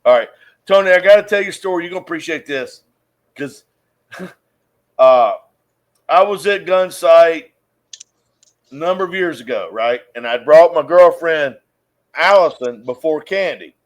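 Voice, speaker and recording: High-voiced man telling a profane story. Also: measured pace, long pauses. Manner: profane, animated yarn-spinner. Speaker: podcast host. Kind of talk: casual storytelling.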